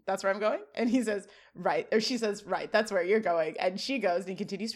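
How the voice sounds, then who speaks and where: A woman co-hosting a podcast retells a sitcom scene in casual chat. She acts out each character's lines as she goes, in a mid-pitched voice. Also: brisk. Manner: animated retelling, acting out lines. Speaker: podcast co-host.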